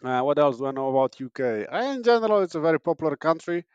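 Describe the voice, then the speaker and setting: A man's voice: on the high side, big pitch swings, fast talker, a little mellow, clean tone, dry recording, muffled recording. Sarcastic man, dry close sound. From Poland. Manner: sarcastic, rambling, frequent fillers and restarts. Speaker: podcast host. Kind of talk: casual comedic monologue.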